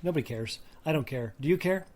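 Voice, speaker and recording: A man's voice: on the high side, expressive, fast talker, darkish tone. A tired man co-hosting a podcast, slurring his words a bit. He rambles from one thing to the next and pokes fun at himself in a loose, casual chat. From Canada. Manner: rambling, self-deprecating, a little slurred from tiredness. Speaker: podcast co-host.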